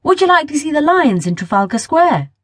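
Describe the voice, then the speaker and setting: A woman's voice: high voice, sing-song, fairly quick, dry recording, studio quality, pitched above the performer's own voice. A woman narrator voicing a cheeky, mischievous red-haired boy who teases and grins, in a children's audiobook. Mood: cheerful. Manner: playful, teasing.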